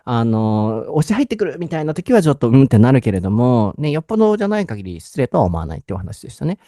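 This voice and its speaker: A young man with a lilt hosts a bilingual English lesson, chatty and quick to laugh. His delivery is rapid and swings widely in pitch. The tone is mellow and the sound dry and close. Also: dry recording. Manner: animated, chatty, laughs often, switches between Japanese and English. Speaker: English teacher and podcast host. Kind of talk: unscripted bilingual language lesson.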